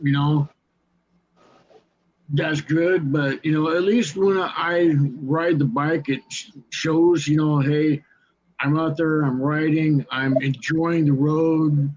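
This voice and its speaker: A man telling animated stories in a casual chat. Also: on the high side, slow pace, muffled recording. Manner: animated anecdote teller. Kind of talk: casual storytelling.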